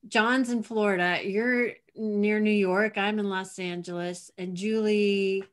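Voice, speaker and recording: A woman's voice: medium pitch, fairly even intonation, clear, resonant tone. Woman host, bubbly and giggly, casual video-call chat. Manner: giggly, bubbly, quick to laugh. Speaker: talk show host.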